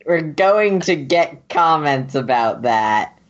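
A low-pitched woman narrates as game master of a tabletop game, chatty and quick with her asides. The sound is dull and lo-fi, like an online call. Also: animated.

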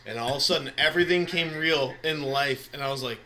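A man's voice: a little high, quick pace, bright, forceful tone. A young man in casual podcast chat, telling rowdy stories with lots of swearing and laughter.

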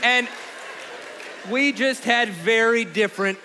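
A man in his forties, co-hosting and telling comic stories in an animated, laughing way. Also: very high-pitched, slow pace, in a large hall, a little hiss or hum. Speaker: co-host. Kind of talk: comic storytelling in conversation.

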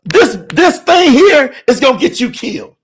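A man preaching an urgent sermon, shouting and pleading with his listeners. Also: very high voice, sing-song, normal speed. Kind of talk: fiery sermon.

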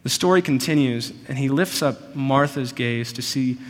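Earnest male preacher in a reverberant hall. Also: mid-range voice. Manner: earnest, personal, slows for emphasis. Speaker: pastor. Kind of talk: sermon.

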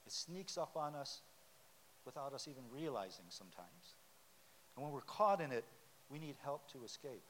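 A man's voice: medium pitch, sing-song, normal speed, long pauses. A man preaching a sermon in a church sanctuary, talking conversationally and quizzing the congregation with questions. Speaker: pastor. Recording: long hall reverb with faint hiss.

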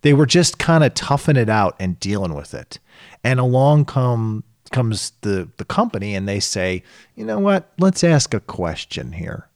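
Brief: man co-host, animated talker who acts out quotes, dry close mic. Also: on the low side, moderate pace, no room sound. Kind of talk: casual chat.

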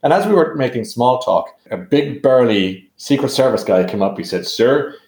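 A man with an Irish accent, a podcast guest telling a lively self-deprecating anecdote. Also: mid-range voice, moderate pace. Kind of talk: animated storytelling. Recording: roomy echo.

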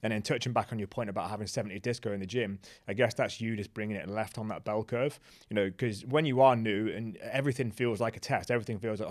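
Very fast-talking man hosting a podcast. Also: fairly low pitch, fairly even intonation. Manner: rapid, run-on talk with casual swearing. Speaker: podcast host. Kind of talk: casual podcast conversation.

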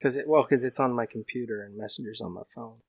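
A man co-hosts a podcast, answering in brief, dry remarks. His voice is husky and slightly rough. The recording is close and dry. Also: mid-range voice, fast, no echo. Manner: terse, dry replies. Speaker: podcast co-host. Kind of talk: casual chat.

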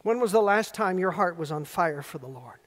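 A man's voice: high voice, lively intonation, moderate pace. A male pastor preaching an earnest sermon, telling stories and building emphatic repeated phrases. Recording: long reverb of a large hall.

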